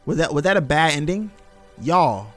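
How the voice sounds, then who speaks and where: Jumpy young man, higher-pitched streamer. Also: animated, moderate pace, a bit bright, faint music behind. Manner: chatty, jittery, talks to chat in slang. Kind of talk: live horror game commentary.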